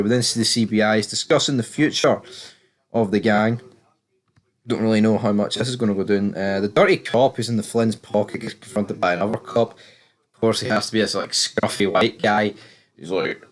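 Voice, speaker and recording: A man's voice: on the low side, moderate pace. A British man giving a casual, rambling and opinionated recap of a TV episode, swearing freely as he goes. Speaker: TV series reviewer.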